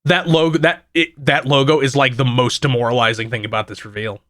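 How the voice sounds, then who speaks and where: A man's voice: medium pitch, steady tone, a little fast, a bit bright. A man co-hosting a casual gaming podcast, swearing freely and giving blunt opinions. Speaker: podcast co-host.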